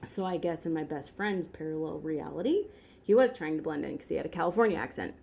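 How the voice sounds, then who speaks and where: A woman vlogging in a casual, rambling way, correcting herself mid-sentence and jumping up in pitch when something excites her. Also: fast, gravelly, a little hiss or hum. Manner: rambling, self-correcting, with sudden upward pitch jumps. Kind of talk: casual chatty commentary to camera.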